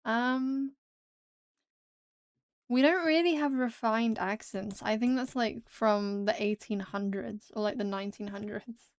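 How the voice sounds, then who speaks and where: A woman's voice: on the high side, unhurried, smooth, no echo. A young British woman with a British English accent, chatting casually with her viewers while she draws, laughing often and exclaiming at the chat. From Britain. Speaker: streamer.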